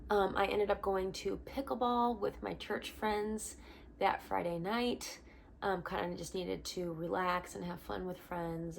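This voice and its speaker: A young woman, a missionary, telling her personal testimony in an earnest, animated vlog at home. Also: mid-range voice, vocal fry, slight background noise.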